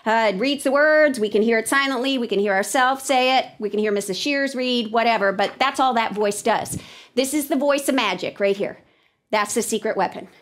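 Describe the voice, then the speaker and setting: A woman teacher talking to students in a classroom lesson, lively and expressive, sometimes dropping to a whisper. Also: a little high, brisk. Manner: animated, drops to a whisper for the thinking voice.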